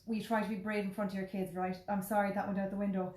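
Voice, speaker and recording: An Irish woman telling a story in casual, animated chat, full of "like" and the odd swear word. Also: medium pitch, very fast, hardly any pauses. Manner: animated, chatty, peppered with swearing and "like". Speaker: podcast host. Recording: roomy echo.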